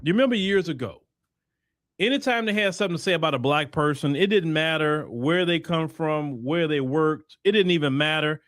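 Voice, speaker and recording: A man's voice: a little high, brisk, a bit bright, no echo, studio quality. A man with a Texan accent hosting a commentary monologue, emphatic and preachy, mocking the voices he quotes. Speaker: host.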